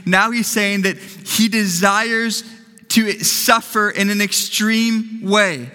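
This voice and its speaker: A man's voice: high voice, sharp tone, long reverb tail. A man preaching a sermon as pastor, emphatic and fond of repeating phrases for effect.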